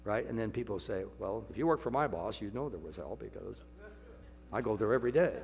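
Older man, sermon, gravelly voice, jokey asides, sudden loud peaks, hall echo. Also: expressive, a little fast. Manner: folksy, joking, swings from low asides to loud high exclamations. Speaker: preacher. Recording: long hall reverb, faint hum.

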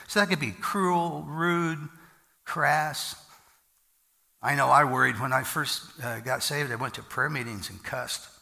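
Gravelly folksy preacher in a reverberant hall. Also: male voice, mid-range voice. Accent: American. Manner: folksy, joking, rising to loud emphatic bursts. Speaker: pastor. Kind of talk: sermon.

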